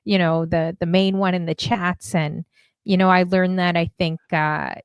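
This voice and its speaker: A woman's voice: on the low side, level tone, normal speed, smooth, dry recording, clean studio sound. A woman hosting a casual conversation, answering a guest's story with encouragement. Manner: encouraging listener, short affirmations. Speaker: host. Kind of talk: casual chat.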